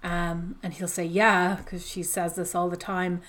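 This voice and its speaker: A woman's voice: on the low side, completely flat delivery, moderate pace. Woman host, casual chat recapping a novel, chatty, filler-heavy. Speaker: podcast host discussing a book.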